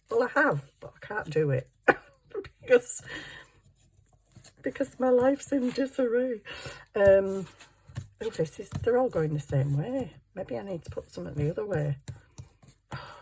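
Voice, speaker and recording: A woman's voice: mid-range voice, slight background noise. An older woman, a grandmother, chatting casually and giggling as she crafts for her channel. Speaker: craft vlogger. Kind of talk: casual chat while crafting.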